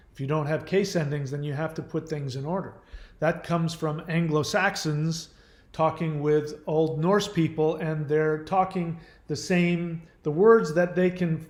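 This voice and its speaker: A man talks casually to his viewers, wandering from point to point with fillers and quick corrections. His voice sits a little high. The room around him rings with a noticeable echo. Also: a little mellow. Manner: rambling, trivia-filled, with many fillers and self-corrections. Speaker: channel host. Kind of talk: casual live-stream chat.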